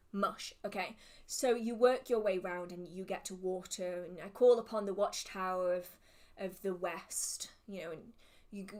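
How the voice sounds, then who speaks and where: Chatty woman hosting a livestream Q&A. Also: mid-range voice. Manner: chatty, self-deprecating, laughs at own slips. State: has the hiccups. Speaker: witchcraft livestream host. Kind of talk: casual livestream Q&A.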